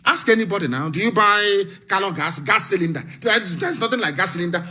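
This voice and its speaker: A man giving an impassioned live broadcast speech, firing off rhetorical questions and bursting into shouts. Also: sits high, animated, fast talker. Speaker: political broadcaster.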